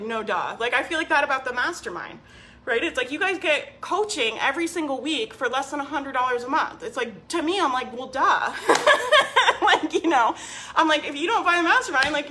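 A woman with a slightly high, bright, forceful voice coaching her audience on a live stream. She talks casually and persuasively, hammering her points home with constant "like" and "right?". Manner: emphatic and persuasive, leans on "like" and "right?"; answers viewer comments by name. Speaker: business coach.

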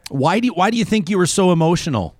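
Higher-voiced male talk show host, dry sound. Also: lively intonation, fast talker, no room sound. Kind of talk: casual talk show conversation.

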